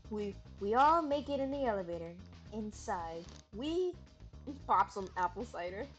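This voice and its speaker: A woman's voice: mid-range voice, very animated, measured pace, soft background music. A woman streamer giving casual gameplay commentary, giggling often, swearing freely and riffing on her own jokes.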